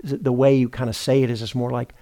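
A middle-aged man giving a meditation teaching at a retreat center, speaking in an unhurried, thoughtful way, often pausing to correct himself. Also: mid-range voice, flat delivery, dark tone. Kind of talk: dharma talk.

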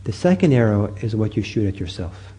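Male meditation teacher, gentle and halting, slightly husky voice. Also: lowish voice, very animated. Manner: gentle, halting storytelling with many fillers and restarts. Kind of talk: dharma talk.

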